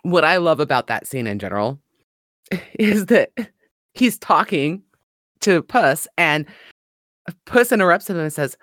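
A woman co-hosts a casual book podcast, her voice swinging up and down as she talks. She laughs often and gets excited about favourite scenes. The sound is dry and close, with no room around her. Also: low-pitched, measured pace, pauses often, no echo. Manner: laughs often, animated and enthusiastic. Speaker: podcast co-host.

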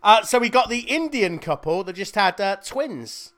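A man's voice: high voice, lively intonation, normal speed, fairly bright tone. A man co-hosting a podcast, joking and swearing through casual banter. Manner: jokey, swears a lot. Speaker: podcast co-host.

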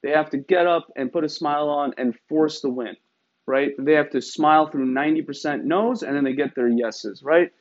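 A man's voice: fairly high pitch, normal speed. A man from Iran telling a story in a wry, emphatic way, often adding rhetorical tags. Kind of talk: casual storytelling. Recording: slightly dull, lo-fi sound.

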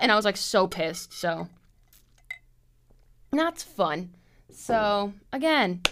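A young woman in her twenties hosting a casual solo podcast from her apartment, telling stories in an animated way, acting out quoted people in a higher voice and swearing freely. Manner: animated storytelling, acts out quotes in a high voice, swears. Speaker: podcast host.

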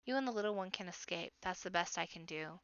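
A woman voicing a gaunt, haunted widowed lady rabbit who speaks quietly and shakily, as if near sobbing. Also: lowish voice, fast talker, no room sound, dull audio. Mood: hushed, broken.

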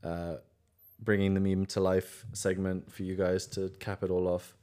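A man co-hosting a casual podcast. His voice sits on the low side. He talks in a relaxed, easygoing way. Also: moderate pace. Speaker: podcast co-host. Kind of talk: casual chat.

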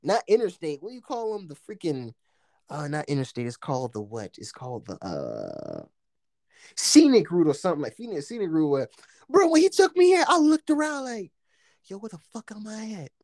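A man's voice: a little high, moderate pace, no echo. Guy telling a wild story, cussing and laughing, voice jumps all over, dry sound. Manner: animated, profane, laughs often, acts out quotes. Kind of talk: casual storytelling chat.

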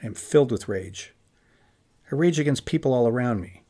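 A man's voice: animated, brisk, lightly acted. A man voicing a brooding remorseful Pharisee. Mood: bitter. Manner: low, quiet inner monologue of self-reproach. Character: remorseful middle-aged male Pharisee, brooding and self-accusing. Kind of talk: dramatized inner monologue in a lecture.

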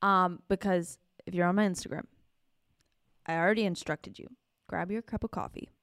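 A woman's voice: lowish voice, fairly even intonation, moderate pace, a bit bright, no echo, studio quality. A woman pastor co-hosting a church livestream in a playful, chatty way. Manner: playful and chatty, laughs often. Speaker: pastor and co-host. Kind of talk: casual chat.

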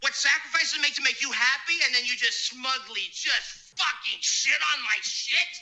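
An actor playing a furious middle-aged chef who rants at a food critic, shouting and swearing with wounded pride. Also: male voice, very high voice, moderate pace, full character voice, low-quality recording. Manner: shouting, profane, wounded tirade. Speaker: chef in a film scene.

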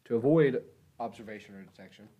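A man in casual chat who reads song lyrics aloud in a flat, deadpan way and jokes between lines. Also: mid-range voice, quick pace, slightly rough. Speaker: co-host reacting to a music video.

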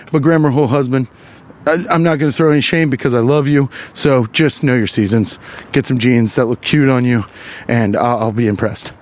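A man hosting a podcast, delivering a profane, exasperated comic rant while walking along a wooded trail. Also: medium pitch. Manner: animated, profane, exasperated ranting. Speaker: podcast host.

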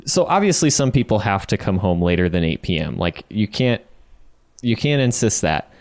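A man's voice: lowish voice, very animated, moderate pace, no room sound. A man co-hosting a casual chat, making playful jokes and guesses. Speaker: podcast co-host.

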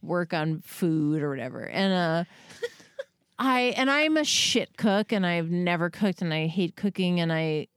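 A woman in her thirties tells a story in loose, rambling chat, putting herself down and swearing as she goes. Her voice is smooth and clear. It sounds close and dry, with no room around it. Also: on the low side, expressive, unhurried, no room sound. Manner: rambling, self-deprecating, swears freely, acts out quotes. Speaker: podcast guest or co-host telling a story.

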